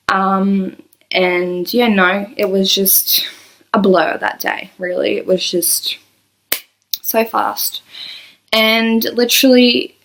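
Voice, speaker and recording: A woman's voice: medium pitch, fairly bright tone. A woman, rambling and apologetic as she tells an emotional personal story into her laptop. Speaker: vlogger. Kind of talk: personal confessional vlog.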